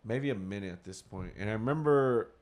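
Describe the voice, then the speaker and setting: A man's voice: lowish voice, lively intonation, a little fast, darkish tone. Rambling man telling a casual story. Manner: rambling, acts out his own past thoughts with lots of "I was like"; swears casually. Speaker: father.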